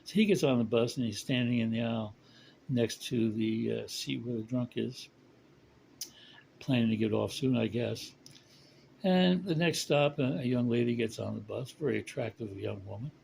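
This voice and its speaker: Gravelly man, rambling joke teller, faint hiss behind. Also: medium pitch, darkish tone, poor audio. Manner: rambling, chuckling, slows for punchlines. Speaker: storyteller. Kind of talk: casual joke telling.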